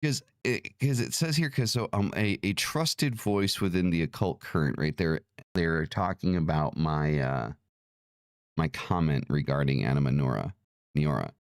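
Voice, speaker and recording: A man's voice: rumbling low, moderate pace, clean tone, dry recording, studio quality. A man hosting an occult livestream, ranting in a casual, profane, irritated way, with many restarts.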